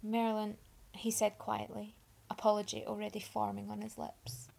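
A woman narrating a story in a steady, expressive reading. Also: medium pitch, moderate pace, creaky.

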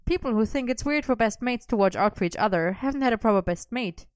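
A woman's voice: on the high side, lively intonation, quick pace, smooth, no echo, close to an everyday voice. A woman reading a story and voicing an earnest, somewhat awkward young man who rambles on. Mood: sincere.

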